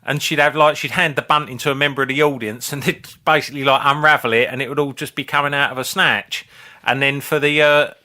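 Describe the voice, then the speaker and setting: A man's voice: mid-range voice, fairly even intonation, quick pace, pushed and bright. A man in his fifties, co-hosting a comedy podcast as a rambling, sweary storyteller. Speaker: podcast co-host. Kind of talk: casual chat.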